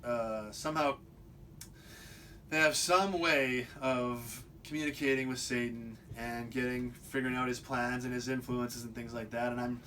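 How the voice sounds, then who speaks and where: A man's voice: mid-range voice, fairly even intonation, measured pace, a bit bright, slight background noise. A man talking in a rambling, unscripted monologue to camera, often restarting and repeating words. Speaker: video host. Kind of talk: casual monologue.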